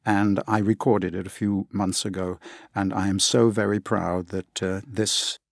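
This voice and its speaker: A man's voice: low-pitched, flat delivery, a little slow, gravelly, no room sound, clean studio sound. An English man, an audiobook narrator, answering interview questions in an enthusiastic, chatty way with frequent fillers.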